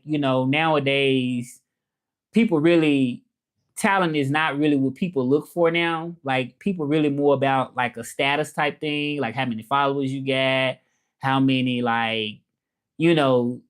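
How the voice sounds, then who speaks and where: A man's voice: on the high side, moderate pace. A man chatting casually on a live stream, rambling along, greeting viewers by name and trying out French phrases. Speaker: livestreamer.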